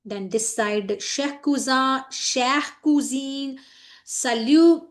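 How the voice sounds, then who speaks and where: Here is an Indian woman in middle age teaching a French lesson, her voice a little high. She explains each phrase slowly and firmly warns her students off common mistakes. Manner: switches between French, English and Hindi, explaining each phrase; firm, scolding reminders about mistakes. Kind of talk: classroom lesson explaining a letter.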